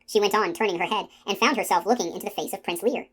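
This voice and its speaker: A woman reading a fantasy novel aloud in a soft, hushed storytelling manner. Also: medium pitch, fast talker, breathy edge. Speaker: audiobook reader. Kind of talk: audiobook narration.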